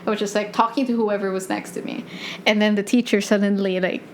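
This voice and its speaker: A woman's voice: medium pitch, steady tone, fast talker, slight background noise. A young woman in her twenties with a Filipino accent, hosting a podcast and telling personal stories in a chatty, self-deprecating way with frequent laughs. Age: 20s. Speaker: podcast host. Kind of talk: casual personal storytelling. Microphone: USB desk mic.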